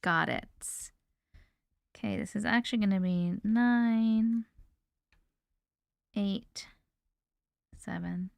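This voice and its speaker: A woman's voice: medium pitch, takes it slowly, vocal fry, pauses often, no room sound. A woman hosting a livestream, chatting casually with viewers, greeting them by name and laughing often. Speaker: livestream host.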